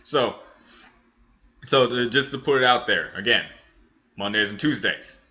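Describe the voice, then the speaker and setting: A man's voice: medium pitch, a little slow, sharp tone, muffled recording. A man hosting a reaction video, reviewing a cartoon episode in a rambling, casual way with many restarts. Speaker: reaction channel host.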